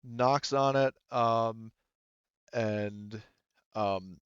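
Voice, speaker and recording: A man narrating as game master of a tabletop role-playing game, halting often with ums while he describes scenes and rulings. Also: mid-range voice, clear, resonant tone, no room sound, dull audio.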